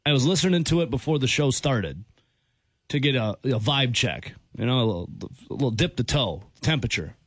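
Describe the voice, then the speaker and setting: A man's voice: medium pitch, expressive, fairly quick, fairly bright tone, breathy edge, dry recording. A man hosting sports radio, reading the sports update and then chatting casually and a bit rambling in a studio. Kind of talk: sports update and morning show chat.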